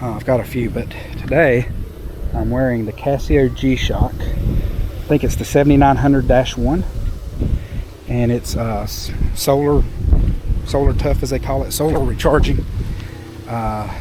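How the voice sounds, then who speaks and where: A man in his forties, a travel vlogger, speaks casually to camera as he hikes a windswept hilltop trail overlooking a cove. His mid-range voice keeps a fairly even intonation at a measured pace, with frequent pauses. Gusting wind rumbles on the mic.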